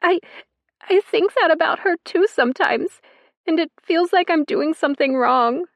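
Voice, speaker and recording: Woman voicing a tearful young girl, high and watery. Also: a little slow, no room sound, clean studio sound. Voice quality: watery, hoarse. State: crying.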